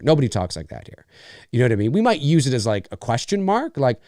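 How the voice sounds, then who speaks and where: A man hosting a casual live stream, chatting in an animated way with many fillers and mock voices. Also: medium pitch, fast, no room sound, studio quality. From Canada. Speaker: live show host answering questions.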